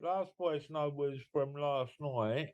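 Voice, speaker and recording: An English man co-hosting a podcast, explaining his ideas in a laid-back, unhurried way. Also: fairly high pitch, lo-fi sound, background noise. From Britain. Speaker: podcast co-host. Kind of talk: casual chat.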